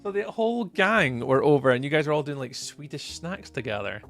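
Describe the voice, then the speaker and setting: A man's voice: a little high, very animated, moderate pace, a bit bright, faint music behind. A Scottish man chatting casually through a live gameplay stream, greeting viewers by name as he talks. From Scotland. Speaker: livestreamer.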